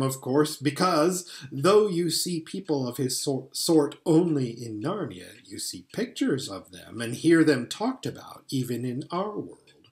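A man reading a storybook aloud with a fairly high, very lively voice. He reads expressively, letting his pitch swing widely, and sometimes trips over a word and starts it again. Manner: expressive, occasional stumbles and restarts. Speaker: audiobook reader.

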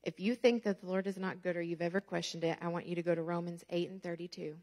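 A woman, preaching a sermon as a guest speaker and telling stories with lively rhetorical questions to the congregation. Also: on the low side, quick pace.

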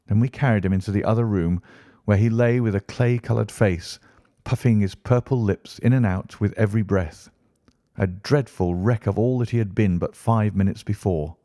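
Low, mellow male audiobook narrator. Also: no echo, studio quality. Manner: measured, steady reading. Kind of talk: scripted narration.

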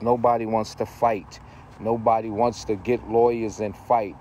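Slow deep-ish guy breeder ranting, says stuff twice, slangy, bit of noise behind. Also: flat delivery, a little mellow. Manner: emphatic, repeats himself, street slang. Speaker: dog breeder. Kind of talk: casual rant to camera.

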